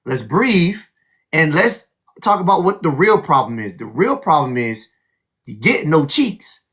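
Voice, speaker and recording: A man hosting a heated call-in livestream, loud, profane and mocking, often repeating himself. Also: fairly high pitch, big pitch swings, moderate pace, breathy edge. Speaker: livestream host.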